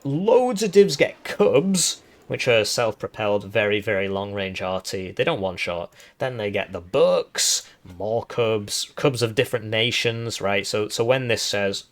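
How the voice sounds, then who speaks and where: A man with a lowish voice talks through strategy game tactics in a loose, explanatory way, tagging points with quick questions. His voice is hoarse and wearing out. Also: lively intonation. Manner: chatty, explanatory, tag questions. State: hoarse, voice giving out. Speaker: gaming video host. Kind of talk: casual game analysis.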